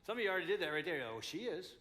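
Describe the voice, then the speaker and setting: Man, 60s, pastor, conference talk, lively storytelling, high voice. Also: very fast. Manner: animated storytelling, acts out both sides.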